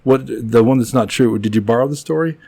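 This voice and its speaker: A man's voice: medium pitch, fairly quick, gravelly, darkish tone, no room sound. A man hosting a podcast in an upbeat, chatty way, joking about himself as he introduces the show. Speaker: podcast host.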